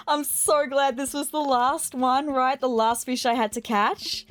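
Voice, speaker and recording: Excitable woman commenting on her game. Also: high-pitched, a little slow, hardly any pauses, faint music behind. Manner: excitable, gushing, apologetic asides. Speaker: gaming video host. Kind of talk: casual let's-play commentary.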